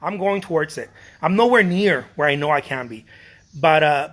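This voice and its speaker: A middle-aged man gives a casual motivational talk to fellow artists in a slightly bright, higher-than-average voice at a moderate pace. He is emphatic and repetitive, often restarting his phrases and swearing casually.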